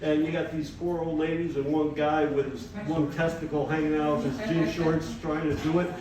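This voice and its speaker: A man's voice: on the high side, little pitch movement, normal speed, noisy background. An older man, a retired firefighter, telling brash, profane stand-up stories in a former yoga studio. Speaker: stand-up comedian. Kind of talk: stand-up comedy. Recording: echoey room, distant mic, audience.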